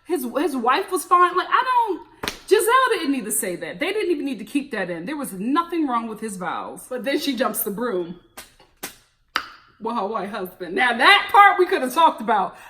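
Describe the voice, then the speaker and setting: A young woman gives blunt, teasing commentary on a reality show. Her high voice leaps all over the place, and her tone is bright and sharp. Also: very animated, moderate pace, a little hiss or hum. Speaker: reality TV reviewer. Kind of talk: casual commentary.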